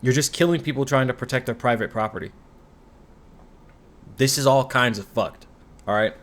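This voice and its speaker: A man's voice: mid-range voice, normal speed, fairly bright tone. A man recapping a TV show in a rambling, profane, sarcastic rant, full of asides and complaints. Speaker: commentary YouTuber.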